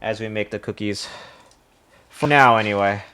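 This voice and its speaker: A man's voice: fairly low pitch, moderate pace, sharp tone, a little hiss or hum. A man streaming live from his kitchen, a bit out of breath, rambling, swearing and reading a recipe aloud as he cooks. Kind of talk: casual live-stream chat while cooking.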